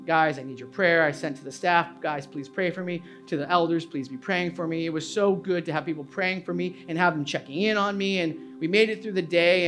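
A male pastor preaching a sermon, moving from quiet personal confession to loud, impassioned preaching. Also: high-pitched. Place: church sanctuary.

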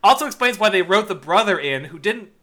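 A young man co-hosts a podcast with loose, jokey banter about a movie. His voice is bright and sits a little high, and he laughs easily and swears freely. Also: animated, fairly quick. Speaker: podcast co-host. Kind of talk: casual movie-review banter.

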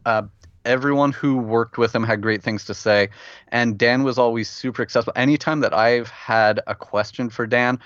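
A man's voice: mid-range voice, steady tone, normal speed, fairly bright tone, no echo. Earnest man, dry and dull sound. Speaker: podcast co-host. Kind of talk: casual chat.

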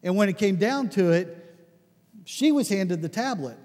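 A man preaching a conversational sermon, telling stories with lots of restarts and animated asides. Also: high voice, normal speed, in a large hall. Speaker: pastor.

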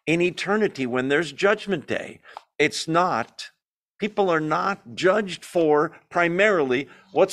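Guy teaching bible study at church, emphatic, lots of rhetorical questions, mid pitch. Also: fairly bright tone.

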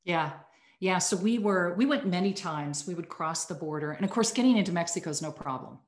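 A woman from the United States with a fairly low voice, recounting a childhood memory to her hosts in an earnest and animated way. Her voice carries noticeable echo from a roomy space. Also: fairly quick. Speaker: podcast guest, communications executive. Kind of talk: casual storytelling interview. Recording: echoey room.

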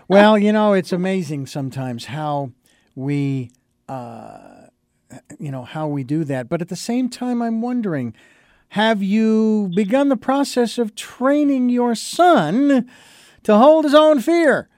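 A man with a notably high voice hosts the show, thinking aloud in a reflective, halting way. He pauses often as he gathers his words. The sound is dry and close. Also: expressive, darkish tone, no room sound. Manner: reflective, halting, with many uh fillers. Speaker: radio or podcast host. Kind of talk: casual interview talk.

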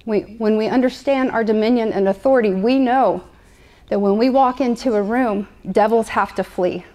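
A woman's voice: on the high side, normal speed, warm tone. A woman preaching a sermon to a live congregation, conversational and playful, repeating her points often. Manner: conversational, repetitive, playful asides.

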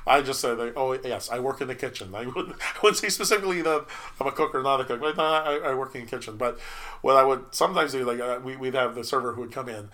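A middle-aged man telling stories from his restaurant job in an easygoing chat. He speaks in a middle pitch and keeps stumbling over repeated words and fresh starts. He breaks into laughter now and then. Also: fast, pushed and bright. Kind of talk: casual storytelling chat.

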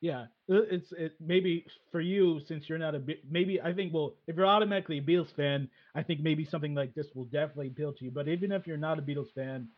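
A man's voice: fairly high pitch, fast, hardly any pauses, highs cut off. A man hosting a casual chat, hesitant and full of fillers and restarts. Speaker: podcast host.

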